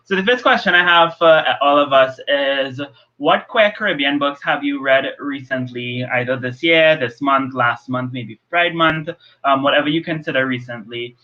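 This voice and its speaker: Bright-voiced young host from Trinidad. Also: male voice, medium pitch, moderate pace. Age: young adult. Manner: relaxed, hesitant with fillers. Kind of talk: casual live-stream chat. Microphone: video call. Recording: dull lo-fi video call audio.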